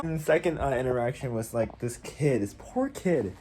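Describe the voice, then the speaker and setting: A tired young man talking in a casual diary vlog, halting and full of fillers and restarts. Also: mid-range voice, a bit bright. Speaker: vlogger.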